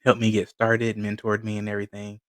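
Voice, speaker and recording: A man hosting a podcast, telling his story in a relaxed way and laughing often. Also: lowish voice, fairly quick, dry recording. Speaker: podcast host. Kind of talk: casual conversational interview.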